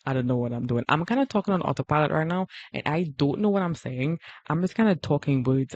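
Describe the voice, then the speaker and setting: A woman's voice: low voice, animated, fast, hardly any pauses, darkish tone, muffled recording. A woman chatting casually on a drawing livestream, self-deprecating and easily exasperated when things go wrong. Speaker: art livestreamer.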